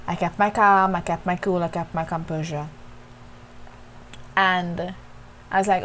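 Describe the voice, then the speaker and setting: A woman's voice: on the low side, fairly even intonation, unhurried, pauses often, fairly bright tone, a little hiss or hum, rough recording. Candid woman talking to listeners. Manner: candid, conversational, addresses listeners as y'all. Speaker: podcast host. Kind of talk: reflective faith monologue.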